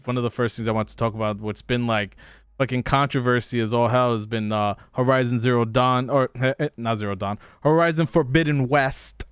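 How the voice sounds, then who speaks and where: A man's voice: mid-range voice, fairly even intonation, brisk, clear, resonant tone, no echo, studio quality. A man hosting a casual podcast, talking loosely and rambling, with some cursing. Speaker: podcast host. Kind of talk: casual chat.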